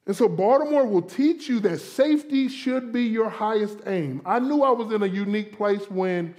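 A man from Florida preaching a sermon to a congregation, conversational and animated, acting out inner voices and playful asides. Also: high voice, normal speed. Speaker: pastor.

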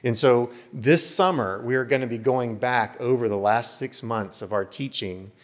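A man's voice: medium pitch, moderate pace. A male pastor giving an earnest sermon to a small church, full of rhetorical questions and lists.

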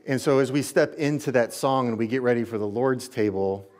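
A man's voice: medium pitch, brisk, a little mellow. A male pastor preaching a sermon and leading prayer, earnest in manner. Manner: earnest, leads a closing prayer.

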